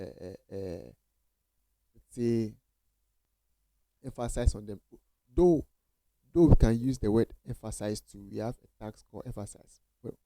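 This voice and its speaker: A man's voice: on the low side, creaky, warm tone, dry recording, low-quality recording. A man teaching coding basics in a casual screen-share tutorial, repeating phrases and reassuring viewers with many okays.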